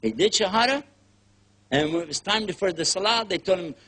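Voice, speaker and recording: A man's voice: sits high, lively intonation, fairly quick, a bit bright. An older man with a Texan accent giving a casual, joking lecture as a preacher, acting out little scenes in other voices. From Texas, USA. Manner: folksy, joking, acts out scenes in quoted voices.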